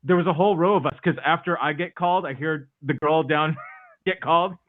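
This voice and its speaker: A man's voice: a little high, fairly quick. A man co-hosting a casual chat, telling an easygoing anecdote with chuckles. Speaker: co-host. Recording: tinny phone-like line.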